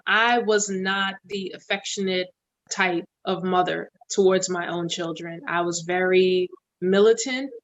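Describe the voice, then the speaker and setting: A woman's voice: on the low side, fairly even intonation, unhurried, highs cut off. A woman co-hosting a podcast, talking frankly and reflectively about her own parenting. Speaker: podcast co-host. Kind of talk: casual chat.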